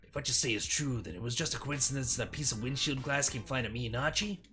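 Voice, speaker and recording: A man voicing a gruff, hot-tempered young man who talks loudly and demandingly while reading a game aloud. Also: medium pitch, animated, fast talker, soft background music. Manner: loud, demanding.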